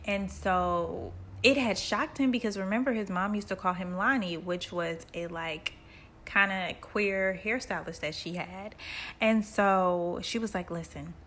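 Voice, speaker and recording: A woman's voice: mid-range voice, measured pace, a bit bright, slight background noise. A woman casually retelling a book in slangy, conversational language. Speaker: book summary narrator.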